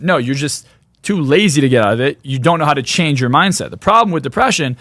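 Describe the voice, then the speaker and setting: A man's voice: on the high side, expressive, fast, a bit bright, no room sound. A man speaking as a podcast guest in a blunt, emphatic, opinionated way. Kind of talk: podcast interview.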